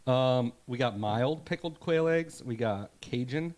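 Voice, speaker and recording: A man's voice: medium pitch, measured pace, a little mellow. A man co-hosting a podcast, chatting casually about his farm in an easygoing, folksy way. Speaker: podcast co-host. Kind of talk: casual chat.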